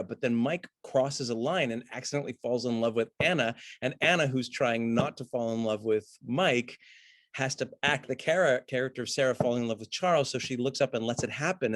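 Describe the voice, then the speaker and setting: A man teaching acting, breaking down a film scene in an animated way and acting out the characters' lines. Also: medium pitch, no echo, clean studio sound. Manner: excitable, acts out the lines of those he talks about.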